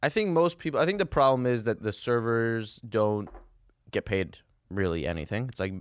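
A man's voice: medium pitch, moderate pace, smooth. A man co-hosting a casual podcast, chiming in with short agreeing replies and wry asides. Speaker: podcast co-host.

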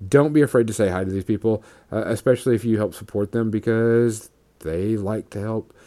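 A man hosting a podcast in a relaxed, joking way, swearing now and then over closing music. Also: lowish voice, a little fast. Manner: loose, joking, swears casually. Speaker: podcast host. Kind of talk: casual chat. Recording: music playing behind.

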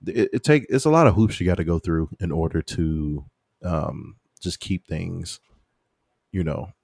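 A man's voice: deep voice, unhurried, vocal fry, darkish tone, slightly rough, no room sound, clean studio sound. A man co-hosting a podcast in casual, rambling chat, laughing often. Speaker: podcast co-host.

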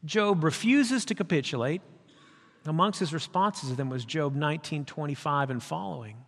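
Male pastor, emphatic conversational sermon, slightly high voice, recorded with long hall reverb. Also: normal speed.

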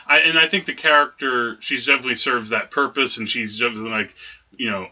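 A man's voice: medium pitch, steady tone, quick pace, sharp tone. A man co-hosting a casual movie review podcast, rambling with lots of restarts and fillers. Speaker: podcast co-host. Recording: dull lo-fi recording.

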